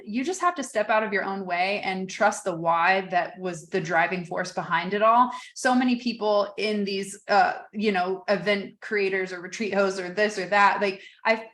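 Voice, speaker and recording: A woman's voice: mid-range voice, a bit bright. A woman hosting a podcast in a candid, loose way, now and then swearing casually. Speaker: podcast host.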